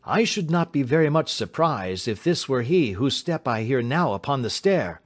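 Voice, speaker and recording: A man's voice: medium pitch, normal speed, voice pushed up. A man voicing a keen, commanding male detective in an audiobook reading. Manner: crisp, authoritative, animated.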